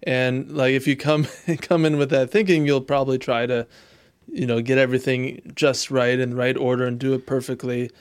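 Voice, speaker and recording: A man hosting a podcast interview, relaxed and agreeable, thinking aloud as he talks. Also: medium pitch, moderate pace, clear, resonant tone, no echo. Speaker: podcast host. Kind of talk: casual interview talk.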